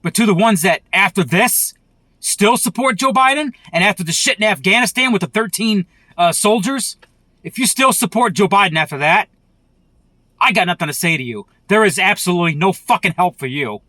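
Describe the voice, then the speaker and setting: A man's voice: high-pitched, brisk, pushed and bright, dry recording. A man delivering an angry, profane political rant as a vlogger, heated and repetitive.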